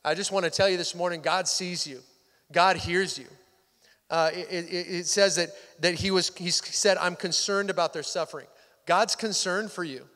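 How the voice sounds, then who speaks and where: Male pastor, slightly high voice, casual sermon delivery, reverberant sanctuary. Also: fairly even intonation, normal speed, bright, forceful tone. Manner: conversational, drops to near-whisper for intimate points. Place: church sanctuary. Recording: hall reverb.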